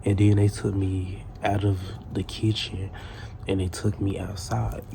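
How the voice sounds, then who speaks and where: A man's voice: low-pitched, level tone, a little slow, gravelly, noisy background. A man telling a casual storytime tale in a profane, rambling way, full of restarts.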